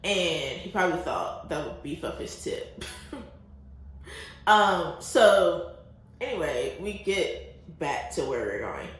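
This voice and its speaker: Young American woman vlogger, unhurried and lively storytelling, laughs a lot, very roomy echo. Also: deep voice. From United States. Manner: chatty, laughs often, many fillers. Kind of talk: casual travel storytelling. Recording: very echoey room.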